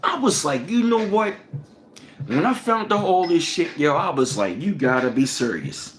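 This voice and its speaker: A man hosting a livestream, ranting angrily and profanely with lots of repetition, swinging between loud bursts and low mutters. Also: very animated, moderate pace, slight background noise. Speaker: livestream host.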